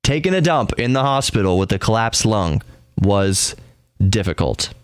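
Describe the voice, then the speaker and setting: Low-voiced man telling funny stories. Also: expressive, normal speed, clean tone, no echo, clean studio sound. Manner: self-deprecating, laughs at his own stories. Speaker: podcast host. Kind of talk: casual comedic storytelling.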